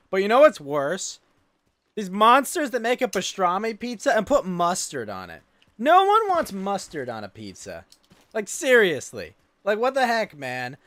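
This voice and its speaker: High animated ranting man streamer. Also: no echo. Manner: ranting, exasperated, swears freely. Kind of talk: casual livestream chat while gaming.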